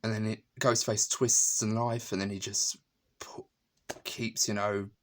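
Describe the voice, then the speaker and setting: A man with a very low, deep voice talks through a film he loved in a casual review monologue. He rambles warmly, restarting sentences and leaning on "you know." Laughter breaks in often. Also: flat delivery, measured pace, a little hiss or hum. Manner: chatty and emotional, frequent fillers and restarts; laughs often while talking.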